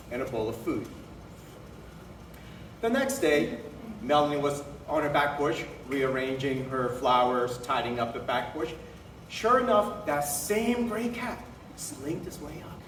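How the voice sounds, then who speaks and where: A man's voice: fairly high pitch, fairly bright tone, a little hiss or hum. A man telling a story and giving a toast at a birthday celebration. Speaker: guest speaker. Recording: echoey hall from far off.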